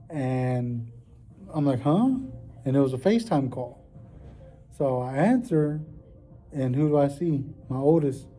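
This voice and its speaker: A man's voice: mid-range voice, dark tone. A man talking casually in a vlog, rambling and heartfelt, with lots of fillers. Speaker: vlogger. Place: at work.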